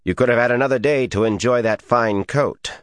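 A man's voice: mid-range voice, brisk, no echo, clean studio sound, pitched above the performer's own voice, close to an everyday voice. A man voicing a sneering, arrogant male recruit who demands answers in an insolent tone. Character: sneering arrogant male recruit, just short of middle age.

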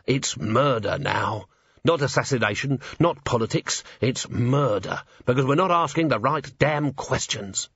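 A man's voice: medium pitch, expressive, a little slow, a bit bright, breathy edge, muffled recording, heavily acted. A man voicing a grim, angry male watch commander in an audiobook, talking in clipped, barely controlled bursts. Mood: furious.

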